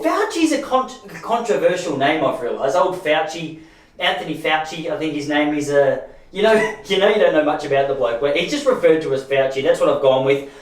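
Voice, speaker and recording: A man's voice: fairly high pitch, roomy sound, distant mic. A man in his thirties with an Australian accent, hosting a podcast as a chatty, rambling monologue full of restarts and asides. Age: 30s. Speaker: podcast host. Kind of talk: casual monologue.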